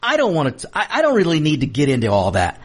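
A man's voice: a little high, huge pitch swings, quick pace, husky. A middle-aged man hosting a political commentary show, delivering an emphatic opinionated monologue straight to his viewers, often restarting and repeating himself.

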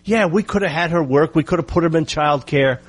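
A man's voice: a little high, fairly quick, husky. A middle-aged man from the United States delivering an indignant opinion monologue, full of rhetorical questions and emphatic repetition. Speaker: political commentator.

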